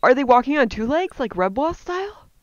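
A woman's voice: high voice, sing-song, fairly quick, highs cut off, a crowd in the background. A woman co-hosting a comedy podcast, reacting to a story with teasing, incredulous comments. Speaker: podcast co-host.

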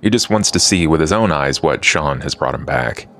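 A man's voice: a bass voice, lively intonation, normal speed, a bit bright, a little hiss or hum. A man playing in a tabletop role-play, thoughtfully explaining his character's intent. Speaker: player.

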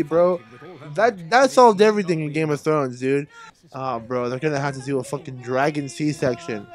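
An excitable young man reacts out loud, his fairly high voice jumping between shouted exclamations and muttered asides. He swears freely and talks to the viewer like a friend in casual commentary. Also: normal speed. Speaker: reaction video host.

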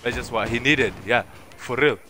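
A young man giving live commentary on a game he is playing, excitable, swearing and yelling at the action. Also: mid-range voice, moderate pace, noisy background. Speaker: streamer.

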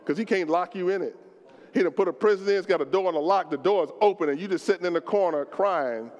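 A man preaching a sermon as pastor, impassioned and colloquial, swinging between shouted lines and low, slow ones, and acting out prayers in the first person. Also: highs cut off. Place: church sanctuary. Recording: long reverb of a church hall.

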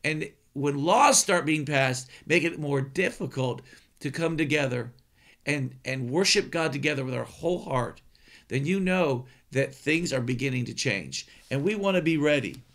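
A man's voice: fairly high pitch, animated, moderate pace, fairly bright tone. A male preacher giving an earnest sermon, emphatic and often repeating words as he speaks.

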